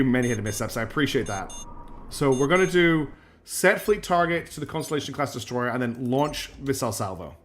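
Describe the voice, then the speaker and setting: A man's voice: mid-range voice, a bit bright. A man streaming a strategy game, chatty and self-deprecating, thinking aloud as he plays. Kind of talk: live gameplay commentary.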